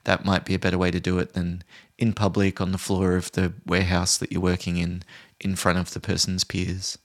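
A man who trains people in conflict resolution, giving a calm, measured solo talk. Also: deep voice. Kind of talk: podcast explainer, solo talk.

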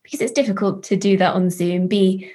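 Woman, charity leader guest, earnest, thoughtful, frequent restarts, mid-pitched. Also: fairly even intonation, mellow. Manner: earnest, halting restarts, enthusiastic. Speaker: charity chief executive, guest. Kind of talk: reflective interview talk.

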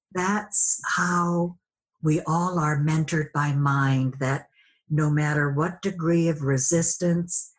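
A woman guest sharing a personal story in a conversation, reflective, acting out remembered dialogue. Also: low-pitched.

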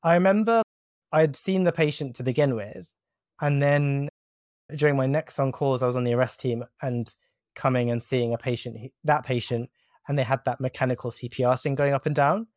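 A man's voice: mid-range voice, brisk, a little mellow, no echo, clean studio sound. A young man, a doctor, chatting casually on a podcast, jokey and hesitant with frequent restarts.

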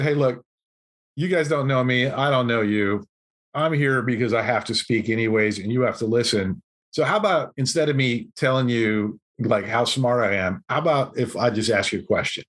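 A man guest on a podcast, telling a story in a casual, animated way and acting out what people said. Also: mid-range voice, husky. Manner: animated anecdote-telling, acts out quotes. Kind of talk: conversational storytelling.

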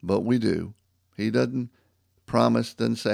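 A man's voice: medium pitch, takes it slowly, creaky, darkish tone, no echo, clean studio sound. A man sharing a personal faith testimony, telling the story with acted-out phone calls and turning reflective as he reads scripture. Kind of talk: personal testimony and devotional talk.

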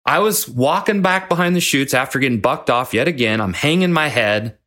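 A man's voice: mid-range voice, expressive, a little fast, pushed and bright. A man hosting a leadership podcast, telling a personal story in an earnest, folksy way with some restarts. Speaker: podcast host and leadership coach.

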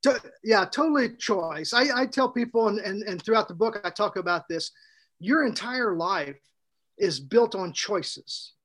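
A podcast co-host who is also an author tells a story in a lively, casual way, laughing often and restarting sentences. His voice is high-pitched and a little slow.

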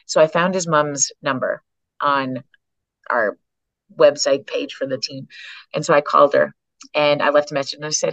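A woman's voice: deep voice, a little fast, vocal fry, no echo, dull audio. A woman from Canada, a psychologist and author, telling stories as a podcast guest and acting out the people she quotes. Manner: animated storyteller who acts out quoted voices. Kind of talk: storytelling in a conversation.

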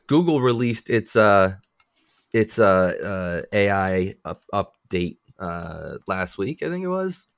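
Low-voiced man ranting, dry close sound. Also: takes it slowly, vocal fry, clear, resonant tone, no echo. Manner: profane, ranting, animated complaints. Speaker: podcast co-host. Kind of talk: casual chat.

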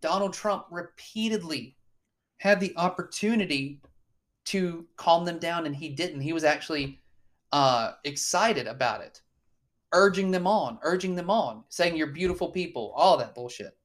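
A man's voice: a little high, measured pace, fairly bright tone. A man co-hosting a casual political chat, blunt and swearing often, with lots of fillers and restarts. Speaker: podcast co-host.

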